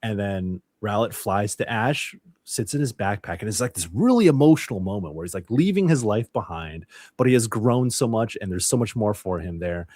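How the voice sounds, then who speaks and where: A man's voice: lowish voice, animated, normal speed, few pauses, darkish tone, dry recording, clean studio sound. A man, a podcast guest, chatting casually and telling a rambling story with plenty of swearing. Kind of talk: casual chat.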